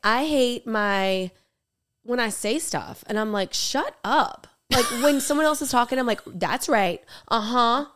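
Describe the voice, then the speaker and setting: A young woman co-hosting a podcast in casual, jokey chat, talking in quick bursts. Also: a little high, expressive, a bit bright. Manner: chatty, jokey, talks fast in bursts. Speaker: podcast co-host.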